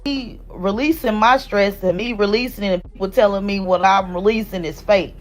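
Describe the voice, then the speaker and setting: A woman talks over a phone into a live stream, rambling in an emotional way. Her voice sits at an ordinary middle pitch, and faint music plays underneath. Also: normal speed.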